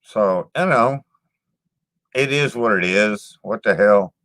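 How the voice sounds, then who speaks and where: A man talks slowly and bluntly to his channel's viewers, full of swearing and doubled-up words. His voice is bright and forward. The recording is dry and close. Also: on the low side, no room sound. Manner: blunt, profane, repeats words and says "man" a lot. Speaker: channel host reading live chat. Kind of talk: casual live-stream chat.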